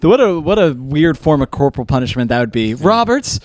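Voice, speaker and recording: A man's voice: mid-range voice, animated, a little mellow, no echo, clean studio sound. A young man co-hosting a podcast, joking and irreverent in crude casual banter. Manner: joking, irreverent, quick asides. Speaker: podcast co-host.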